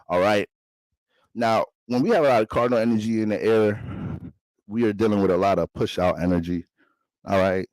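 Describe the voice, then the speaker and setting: A man's voice: fairly low pitch, fairly quick, long pauses, a little mellow, no echo. A young adult man hosting a livestream, joking and profane in a preacher's style. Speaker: astrologer and livestream host. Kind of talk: mock sermon livestream chat.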